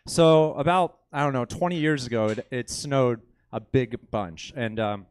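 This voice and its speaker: A man's voice: medium pitch, measured pace, clear, resonant tone. A man in his late thirties from Indiana telling a rambling, self-deprecating stand-up story on a comedy club stage. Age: 30s.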